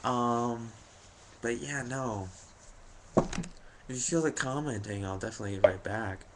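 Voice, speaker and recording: Talking to camera at an unhurried pace, a young man rambles jokingly through the story of his day, packed with fillers and self-mocking remarks. He's a vlogger with a medium-pitched voice, and heavy background noise sits under the recording.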